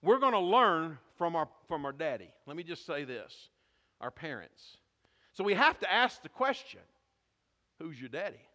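A man's voice: fairly high pitch, big pitch swings, normal speed, sharp tone, big-room sound. A man preaching a sermon as pastor, asking the congregation questions and calling for responses.

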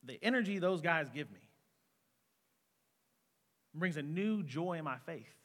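A man's voice: fairly high pitch, animated, measured pace, a bit bright. A man in his twenties preaching an earnest, conversational sermon as a student pastor in a church hall. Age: 20s. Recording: long reverb of a hall.

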